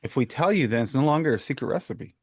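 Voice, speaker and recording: A man's voice: mid-range voice, animated, quick pace, breathy edge, no room sound, clean studio sound. A man on a panel in a casual chat, explaining things in a matter-of-fact way.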